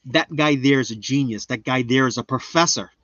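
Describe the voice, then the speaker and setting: A man's voice: fairly quick, a bit bright. A goofy man rambles through a casual live stream, joking at his own expense and jumping from one thought to the next. His voice sits in a middle register and sounds a bit dull and lo-fi, with very little room echo. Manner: rambling, goofy, self-mocking, jumps into high silly voices. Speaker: homestead gardening livestreamer. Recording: dull, slightly lo-fi dry sound.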